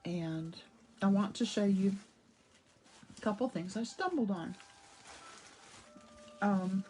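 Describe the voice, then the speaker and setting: A woman's voice: medium pitch, takes it slowly, darkish tone, slight background noise. Chatty woman demonstrating a craft. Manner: chatty, enthusiastic, greets viewers by name. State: slightly hoarse from a cough drop. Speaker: art instructor. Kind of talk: casual live craft demo. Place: home art studio.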